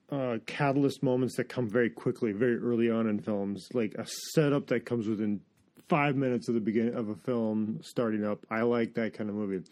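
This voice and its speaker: A man reviews a film in a relaxed podcast chat. His voice is warm and mellow at a middle pitch. He rambles with strong opinions and stops and restarts his sentences. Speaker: movie review podcast host.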